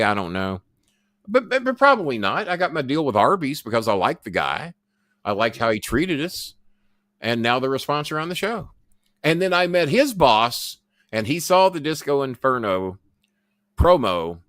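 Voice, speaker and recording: A man's voice: fairly low pitch, fairly bright tone, no echo, studio quality. Profane, boastful man telling stories. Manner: rambling, profane, boastful with stammered restarts. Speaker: podcast host. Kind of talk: casual storytelling monologue.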